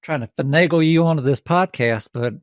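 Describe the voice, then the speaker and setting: Guy doing a hammed-up southern country voice, folksy and teasing, kinda high pitched, dry sound. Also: brisk, no echo, lightly acted. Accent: exaggerated Southern US twang. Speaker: podcast host.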